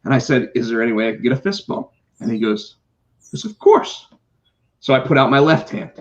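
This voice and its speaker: Middle-aged man co-hosting a podcast, animated storyteller, mid-pitched, slightly dull lo-fi recording. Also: fast. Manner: animated, swears, acts out quotes. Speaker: podcast co-host, comic book artist. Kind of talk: casual storytelling chat.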